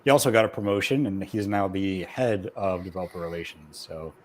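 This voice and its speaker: A man on the crew chatting casually in a meeting, easygoing and halting, with many fillers. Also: low-pitched. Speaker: crew member.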